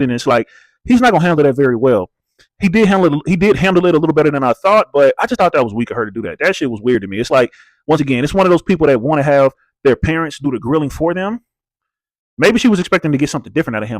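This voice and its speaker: Fast-talking blunt male recap host. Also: mid-range voice, no room sound. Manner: blunt, profane, slangy, rhetorical questions. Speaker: host of a reality TV recap channel. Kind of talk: casual recap commentary.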